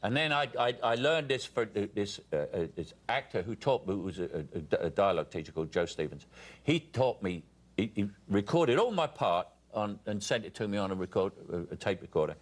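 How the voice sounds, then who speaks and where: An older man with a Cockney accent sits as a talk show guest and tells anecdotes. His pitch rises and falls a great deal. He acts out the voices of the people in his stories. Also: animated, fairly quick. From England. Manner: storytelling with quoted dialogue. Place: TV studio with audience.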